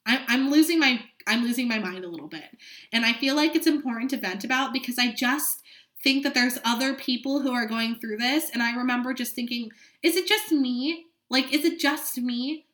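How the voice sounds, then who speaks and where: A woman's voice: a little high, a little fast, fairly bright tone, reverberant. A woman in her late twenties hosting a solo podcast, speaking frankly and with lots of swearing as she vents with dramatic asides. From California. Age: late 20s. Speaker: podcast host. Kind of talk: candid solo podcast monologue.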